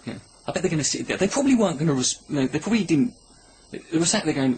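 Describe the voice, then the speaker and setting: A man's voice: a little high, sing-song, fast talker, darkish tone, a little hiss or hum. A man rambling through a crude, sarcastic comedy monologue, filming himself at home on his camera. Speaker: comedy vlogger. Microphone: camera mic.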